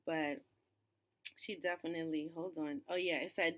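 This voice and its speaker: A woman's voice: deep voice, fairly even intonation, moderate pace, pauses often, fairly bright tone. Chatty slangy woman hosting off camera. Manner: chatty, loose, slangy, with frequent "you know" and "um". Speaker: host, cultural commentator. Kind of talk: casual pop-culture commentary. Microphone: off camera, voice-over.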